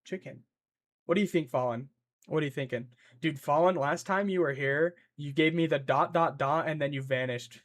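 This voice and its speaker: A young man streaming live, thinking out loud as he codes and answering his chat in a rambling, playful way. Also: on the high side, moderate pace.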